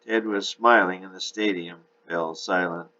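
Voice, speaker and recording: A man narrating a novel chapter in a steady storytelling manner. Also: deep voice, measured pace, muffled recording.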